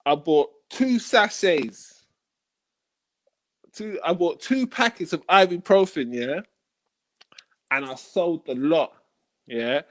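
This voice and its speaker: A stand-up comedian, a man, spins a story in a loose, slangy style. His voice sits a little high and swings widely, and he keeps ending lines with "yeah?" or "you know?". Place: comedy gig stage.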